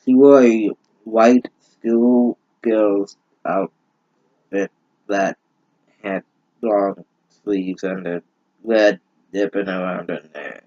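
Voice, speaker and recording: A man reads aloud slowly in a lowish, weary deadpan, mocking the text as he goes. The sound is dry and a little dull and lo-fi. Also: no room sound. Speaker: host reading a fanfic aloud. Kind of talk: sarcastic dramatic reading.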